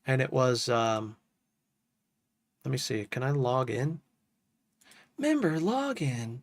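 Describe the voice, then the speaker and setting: A man's voice: mid-range voice, expressive, takes it slowly, no echo, clean studio sound. A man casually chatting to his live-stream chat as a music producer, loose and enthusiastic, dropping "dude" and "bro" often.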